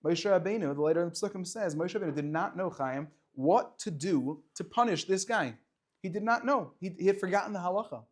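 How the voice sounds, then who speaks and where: Animated high-voiced rabbi teaching class. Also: male voice, brisk. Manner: animated, swings between loud questions and quiet explaining, chats with students. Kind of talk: lively classroom Torah lesson.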